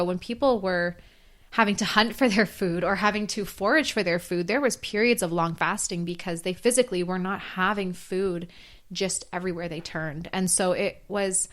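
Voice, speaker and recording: A woman hosting a solo health podcast, earnest and explanatory, hoarse from losing her voice. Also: lowish voice, normal speed, fairly bright tone. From North America. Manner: earnest, explanatory, with fillers and restarts. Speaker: podcast host.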